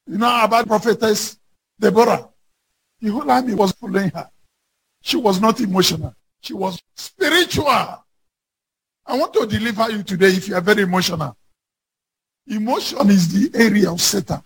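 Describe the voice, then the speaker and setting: High, gravelly-voiced preacher man. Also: moderate pace, long pauses, poor audio. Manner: impassioned preaching, rising to shouts on scripture quotes. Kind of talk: sermon.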